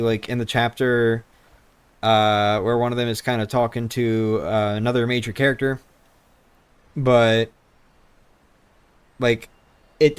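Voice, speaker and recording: A young man with a clear, resonant, medium-pitched voice rambles casually into a handheld microphone during a livestream, swearing now and then.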